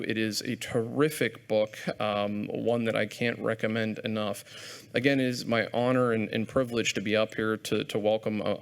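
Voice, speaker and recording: A man hosting a live lecture event, making chatty, self-deprecating announcements to an audience in a hall. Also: fairly low pitch. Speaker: event host and program organizer.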